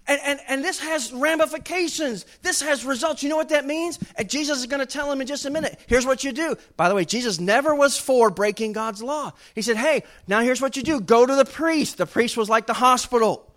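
A male pastor, preaching a sermon in a conversational way that rises to loud, emphatic bursts. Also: very high-pitched, fairly quick, hardly any pauses.

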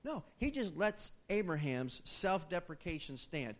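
Man, preacher, sermon, slightly high voice, animated, conversational, rhetorical questions. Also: moderate pace.

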